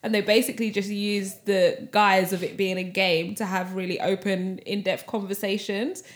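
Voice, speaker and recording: A woman's voice: medium pitch, little pitch movement, moderate pace. Chatty woman podcaster. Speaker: podcast co-host. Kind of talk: casual chat.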